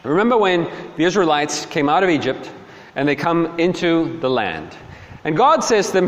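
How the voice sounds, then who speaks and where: A man preaching a sermon as a dramatic storyteller, swinging between hushed and emphatic. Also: a little high, sing-song, moderate pace. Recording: long hall reverb.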